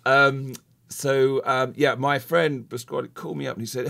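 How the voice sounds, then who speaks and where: A man's voice: medium pitch, steady tone, normal speed, vocal fry, fairly bright tone. A male talk show guest telling a self-deprecating story in a casual, hesitant way, with lots of ums. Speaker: guest, actor and conservationist.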